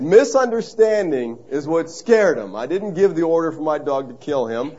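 A man's voice: a little high, animated, normal speed, a little mellow, muffled recording. A man preaching a sermon in a conversational, story-telling way, stressing key phrases by repeating them. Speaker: pastor.

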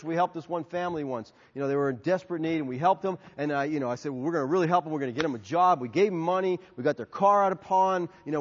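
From the pulpit, a male pastor takes questions during a sermon, telling animated stories and voicing both sides of each dialogue. His high, slightly husky voice rises and falls and rings through a large, echoing hall. The recording is dull and muffled.

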